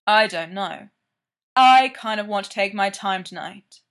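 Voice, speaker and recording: A woman voicing a stoic, smug male character who speaks flatly and without hurry. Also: medium pitch. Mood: deadpan. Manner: flat, unhurried, dry.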